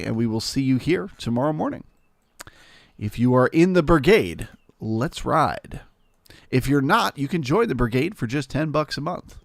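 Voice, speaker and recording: A man's voice: mid-range voice, vocal fry, no room sound, clean studio sound. Nasal man giving live market commentary. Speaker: trading room host.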